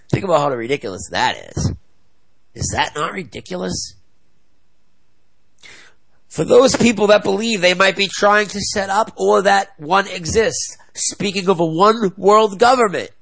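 Speaking to camera, a young video blogger delivers an angry, heated political rant to his viewers. The audio is poor, and his high, slightly bright voice carries vocal fry.

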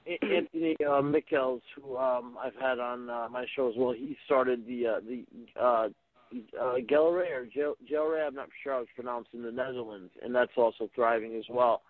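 A man, himself a radio host, talking casually as a guest, halting and full of "you know" and restarts. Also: mid-range voice, fairly even intonation, no room sound. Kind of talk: casual call-in conversation. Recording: tinny phone line.

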